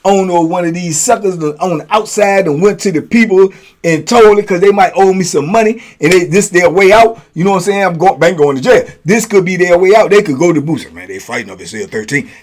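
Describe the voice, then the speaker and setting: A man telling stories from prison in a casual, animated way, acting out blows with sound words. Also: sits high, brisk. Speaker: storyteller, host.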